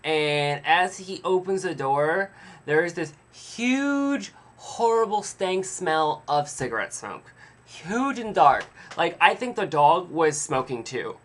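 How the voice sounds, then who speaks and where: Brief: rambling vlogger, self-deprecating, bright voice. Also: male voice, on the high side, very animated, slow pace. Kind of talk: casual storytelling.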